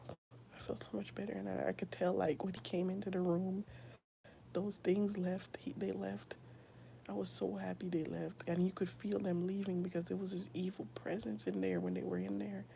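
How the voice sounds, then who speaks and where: A young woman giving a whispered personal testimony, soft and halting, with a gravelly edge. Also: mid-range voice, flat delivery, slight background noise. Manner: soft, often whispered, halting with many fillers. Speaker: streamer sharing a personal testimony.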